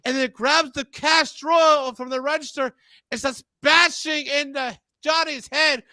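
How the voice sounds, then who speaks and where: Male wrestling commentator, very high voice, bright and dry, excited rambling play-by-play. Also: measured pace, no room sound. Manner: rambling, animated, stumbles over words.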